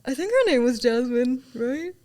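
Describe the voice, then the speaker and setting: A young woman chatting as an interview guest about her stage roles, bubbly and quick to laugh as she tells her stories. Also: high-pitched, lively intonation, warm tone. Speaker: guest, student actor. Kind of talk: casual interview chat.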